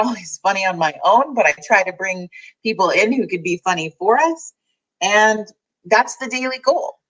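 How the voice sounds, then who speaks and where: A deep-voiced woman hosts a daily online community chat, rambling candidly and laughing often in a casual, heartfelt livestream. The recording quality is low.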